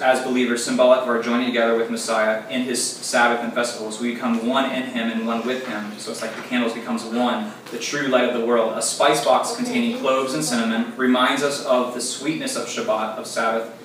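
A man teaching a small group in a relaxed, casual way, with frequent fillers as he explains. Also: medium pitch. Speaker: teacher leading a Sabbath demonstration. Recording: very echoey room, distant mic, faint noise.

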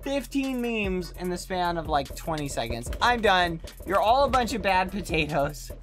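A woman's voice: on the low side, sing-song, normal speed. A woman playing an exasperated young male gaming streamer who scolds his chat during a live stream. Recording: background music.

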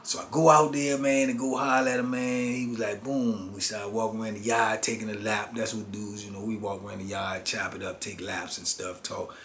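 A man's voice: lowish voice, flat delivery, a little fast, few pauses, fairly bright tone, a little hiss or hum. A middle-aged man and former prisoner, telling a prison story in an interview and filling his lines with street slang and "man". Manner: street slang, peppers lines with "man" and "you know what I'm saying".

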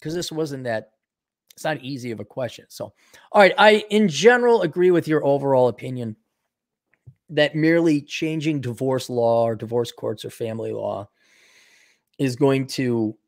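A man's voice: mid-range voice, animated, normal speed. A man talking in a casual unscripted monologue, blunt, sardonic and opinionated, and saying he is losing his voice. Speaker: video commentator.

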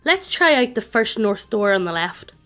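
A synthetic woman's voice reading the lines of a soft-hearted, sarcastic cleric. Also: medium pitch, big pitch swings, moderate pace, soft background music.

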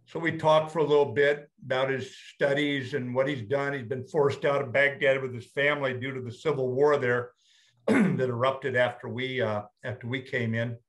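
An older man, a retired general, telling a story to an audience in a plain-spoken, blunt way and slowing down to stress his points. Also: mid-range voice, steady tone. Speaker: retired general, guest speaker.

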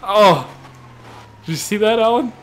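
Young male gamer, loud and excitable, bouncy delivery, slightly high voice, faint hiss. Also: measured pace. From Canada. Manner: loud, excitable, laughing and yelling at friends. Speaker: gamer streamer. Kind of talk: casual gameplay chat.

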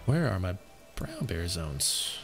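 A man's voice: sits low, huge pitch swings, takes it slowly, soft background music. A man streaming live gameplay, chatting casually and answering his viewers' questions while sounding tired. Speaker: game streamer.

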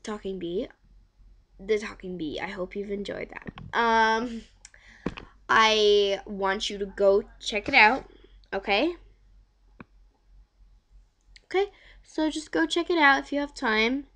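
A woman's voice: mid-range voice, slow, long pauses, a bit bright. A woman chatting casually to camera, rambling with many fillers and repeated words. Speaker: vlogger. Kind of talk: casual home video chat.

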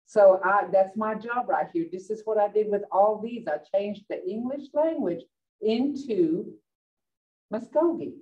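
A woman teaching a vocabulary lesson in class. She laughs often and repeats words slowly for the learners. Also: medium pitch, warm tone. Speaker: language teacher. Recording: dull lo-fi sound from a distant mic.

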